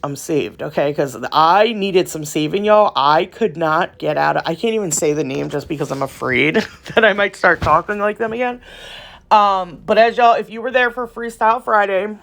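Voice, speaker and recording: A woman's voice: fairly low pitch, moderate pace, gravelly, fairly bright tone. A woman hosting a nail art channel, telling stories in a rambling, chatty voiceover, laughing often and calling her viewers y'all. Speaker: nail art YouTuber and host.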